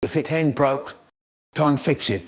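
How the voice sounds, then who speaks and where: A man in his seventies, or an AI clone of one, talking in a choppy, spliced comedy collage with sudden jumps in pitch and loudness. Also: normal speed. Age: 70s. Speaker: impression of a famous storyteller. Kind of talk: comedic sentence-mixed collage.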